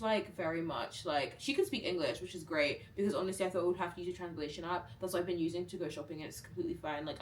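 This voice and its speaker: A woman's voice: on the low side, a little hiss or hum. Young female vlogger, chatty storyteller who acts out quotes, recorded a bit far from the mic in a roomy space with faint ambience. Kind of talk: storytime vlog.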